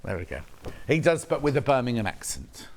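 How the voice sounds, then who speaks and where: A very animated man with a mid-range voice hosts a live TV sales demo from a studio, speaking fairly quickly over a little hiss or hum. He highlights each fabric and reads out messages from viewers as he chats.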